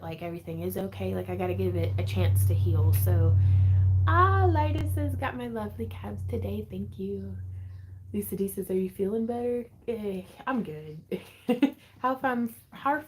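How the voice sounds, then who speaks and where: A woman's voice: mid-range voice, a little mellow, slight background noise. Chatty woman hosting a craft livestream. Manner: chatty, rambling, quick to laugh; reads viewer comments aloud and answers them. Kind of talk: casual livestream chat. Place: at home.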